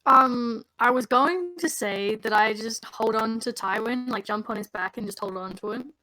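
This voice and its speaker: A woman's voice: fairly high pitch, moderate pace, sharp tone. A woman playing in a tabletop game, speaking earnestly and a little unsure. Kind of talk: casual game chat.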